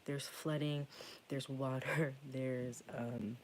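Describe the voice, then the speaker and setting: A man talks straight to camera in a loose, rambling vlog, swearing freely as he goes. His voice sits at an ordinary middle pitch and keeps slipping into a hushed whisper. A faint hiss of noise runs under the recording. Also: little pitch movement, slow. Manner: profane, rambling, often drops to a hushed whisper. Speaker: occult channel host. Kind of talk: casual vlog storytelling.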